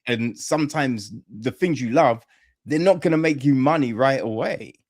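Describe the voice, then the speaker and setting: A man's voice: mid-range voice, normal speed. A man hosting a podcast interview, talking in a rambling casual way and often asking "right?" for agreement. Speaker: podcast host.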